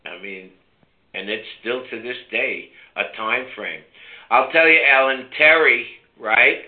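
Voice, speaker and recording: A man's voice: medium pitch, measured pace. An older man hosting a call-in health show, talking brashly and teasing his callers. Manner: brash, teasing, coaxing listeners. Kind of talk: casual call-in talk. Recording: phone-like narrow line.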